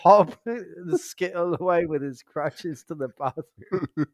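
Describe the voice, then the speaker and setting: A young man spins crude anecdotes on a podcast, laughing often and swearing freely. His voice sits a little high, and the recording is dry and close. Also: slow, no room sound. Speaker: podcast co-host. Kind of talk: casual storytelling chat.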